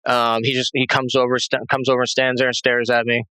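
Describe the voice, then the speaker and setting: A man's voice: mid-range voice, completely flat delivery, fairly quick, pushed and bright, smooth, dry recording, rough recording. A man being interviewed, telling a tense personal story in a rambling way, with many restarts and fillers. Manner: tense, agitated retelling. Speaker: interview guest.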